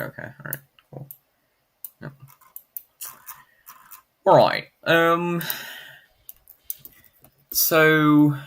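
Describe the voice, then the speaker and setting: A man with a gravelly, sharp, mid-range voice chats casually on a livestream while graphing in Desmos. He rambles, leans heavily on "like" and other fillers, and reads chat comments aloud.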